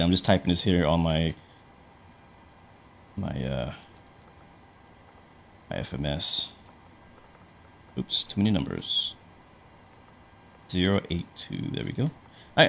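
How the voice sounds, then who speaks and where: A man with a lowish voice chats casually through a livestream, narrating every step as he goes. His talk is relaxed and loose, full of fillers and restarts, and he stops to answer questions from chat. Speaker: flight sim streamer.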